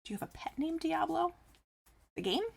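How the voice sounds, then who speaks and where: Very high-pitched and creaky, a woman speaks at normal speed with lots of expression. During a casual live crochet stream she reads viewers' messages out loud and answers them, often breaking into laughter.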